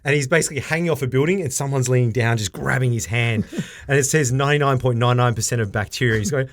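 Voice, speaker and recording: A man chats through a casual podcast, telling stories with plenty of laughter. When he quotes someone he jumps up into a higher, livelier voice, then settles back into easy talk. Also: quick pace. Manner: animated storyteller, laughs often, acts out quotes in a higher voice. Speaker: podcast co-host.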